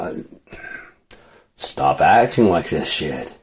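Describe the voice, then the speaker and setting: A man's voice: extremely low pitch, measured pace, vocal fry, a little mellow, slightly rough. A man venting in a rambling, profane monologue with many restarts. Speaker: vlogger.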